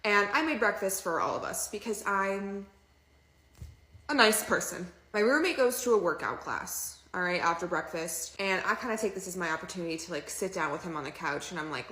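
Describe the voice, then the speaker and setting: A woman's voice: lowish voice, lively intonation, fairly quick, sharp tone, roomy sound. A woman telling a dating story in a casual, chatty, exasperated way, swearing freely. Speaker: TikTok storyteller.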